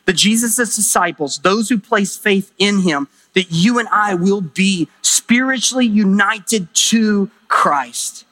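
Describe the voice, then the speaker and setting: A man's voice: high voice, expressive, takes it slowly, few pauses, a bit bright. A middle-aged man preaching a sermon as pastor, emphatic, with rising exclamations.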